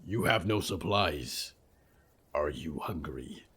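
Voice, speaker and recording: A man voicing a towering, solemn frog creature who speaks slowly with a rumbling, hissing growl. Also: lively intonation, a bit bright, husky, exaggerated voice. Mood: grave. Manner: slow, measured, formal speech.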